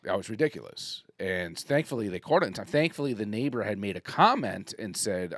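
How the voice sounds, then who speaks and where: A man's voice: fairly low pitch, fairly quick, gravelly, few pauses, no room sound, studio quality. A man co-hosting a podcast, chatting casually and nodding along with frequent yeahs. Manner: animated, says "yeah" a lot. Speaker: podcast co-host. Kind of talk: casual chat.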